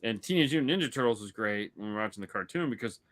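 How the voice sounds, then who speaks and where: Animated and racing, a man with a voice on the low side and a fairly bright tone co-hosts a podcast. He talks casually about movies, telling rambling stories riddled with restarts.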